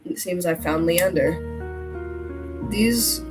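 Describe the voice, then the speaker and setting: A woman streamer reading a story game aloud, breaking off into animated outbursts and jokes to her chat. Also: on the low side, moderate pace, low-quality recording. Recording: game music and crowd sounds behind the voice. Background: game music and tavern crowd noise.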